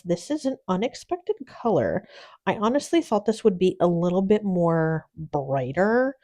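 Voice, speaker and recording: A woman's voice: mid-range voice, warm tone. A woman hosting a casual nail product unboxing, gushing with little exclamations and sometimes dropping into a whisper. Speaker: nail channel host. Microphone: phone.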